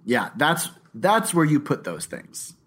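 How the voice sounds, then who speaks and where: Male comedy podcast co-host, lively up-and-down delivery, quick to laugh. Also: on the high side, husky. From New Hampshire or Florida. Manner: chatty, laughs often, animated storytelling. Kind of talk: casual comedic chat.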